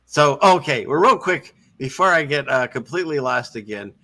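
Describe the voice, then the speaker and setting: Guy hosting a chatty stream, bright voice, rambles and restarts a lot. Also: mid-range voice, lively intonation, normal speed. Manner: rambling, restarts often, laughs easily. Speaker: podcast host. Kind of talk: casual chat.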